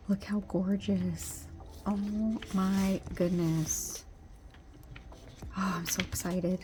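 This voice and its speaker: A woman hosting her own channel, unboxing a product with gushing delight, gasps and soft whispered exclamations. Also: mid-range voice, slow, noisy background. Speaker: nail polish channel host.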